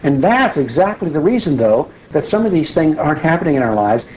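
Animated man leading a Bible study. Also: a little high, brisk, a little hiss or hum, poor audio. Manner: animated, emphatic, asks the group questions. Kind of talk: conversational Bible teaching.

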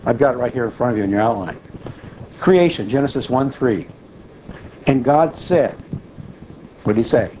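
A man's voice: mid-range voice, animated, moderate pace, pauses often, warm tone, a little hiss or hum, rough recording. A man preaching a conversational sermon, often checking in with his listeners as he teaches.

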